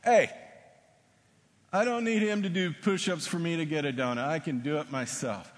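Guy doing a cocky college ball player, loud and pushy, roomy hall sound. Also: fairly high pitch, slow, pitched above the performer's own voice. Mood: defiant. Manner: defiant, loud. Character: brash young male college basketball player.

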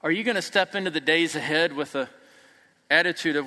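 A man's voice: on the high side, fairly quick. Preacher man in an echoing hall. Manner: emphatic, rising to near shouts then dropping soft. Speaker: pastor. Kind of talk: sermon. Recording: long reverb of a large hall.

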